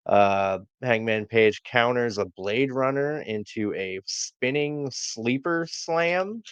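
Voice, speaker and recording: A man's voice: mid-range voice, lively intonation, slow pace, clean tone, no room sound. A man co-hosting a wrestling podcast, recapping matches in a laid-back way with many fillers. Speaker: podcast co-host. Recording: dull lo-fi dry sound.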